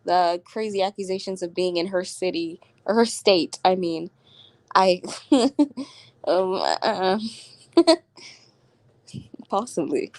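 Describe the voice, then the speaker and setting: A woman's voice: on the low side, expressive, slow pace, pauses often, no echo. A woman vlogging at home, telling a story in slangy casual chat and laughing often as she talks. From Florida.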